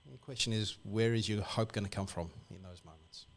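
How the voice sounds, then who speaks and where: Brief: Australian man, lively storytelling on a church radio slot. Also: fairly low pitch, fairly quick. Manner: lively, animated storyteller who acts out characters. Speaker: church guest.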